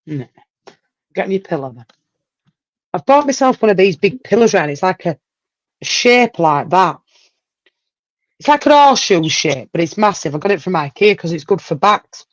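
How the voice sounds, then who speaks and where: A woman's voice: fairly low pitch, very animated, normal speed, pauses often, no echo, highs cut off. Chatty woman hosting. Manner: chatty, exclaims and laughs often. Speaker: livestream host. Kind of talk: casual chat.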